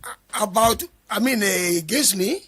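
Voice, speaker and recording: A man's voice: high-pitched, lively intonation, measured pace, sharp tone, slightly rough. A man as an interview guest, telling a story in conversation, quoting himself and others and firmly denying things. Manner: quotes himself and others in dialogue, insistent denials.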